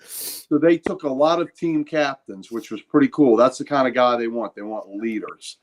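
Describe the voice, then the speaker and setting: Casting: male co-host, mid-pitched, relaxed rambling chat full of uhs. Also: moderate pace. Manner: easygoing, rambling, with fillers. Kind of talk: casual chat.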